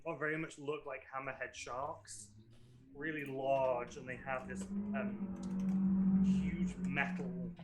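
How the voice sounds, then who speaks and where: Bright-voiced man hesitantly narrating as game master. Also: mid-range voice, a little hiss or hum, low-quality recording. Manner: hesitant, full of ums and self-corrections.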